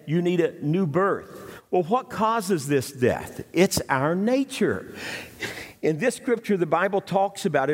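A man's voice: high-pitched, in a large hall. A man preaching a sermon as pastor, earnest and emphatic, driving points home with repetition.

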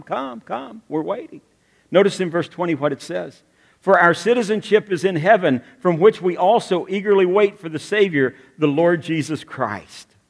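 A middle-aged man preaching a sermon as pastor, animated, rising and falling in loudness and asking the listeners rhetorical questions. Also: a little high.

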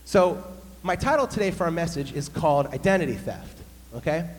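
A man, a pastor, telling a humorous story in an animated sermon. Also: fairly high pitch, brisk. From United States. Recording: long hall reverb, faint hum.

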